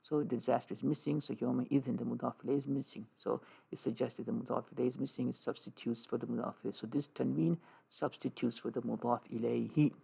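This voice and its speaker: A man teaching an Arabic grammar lesson, slow and repetitive, drilling terms with many "okay"s. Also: mid-range voice, steady tone, gravelly, warm tone, slightly rough. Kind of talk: classroom lesson with writing.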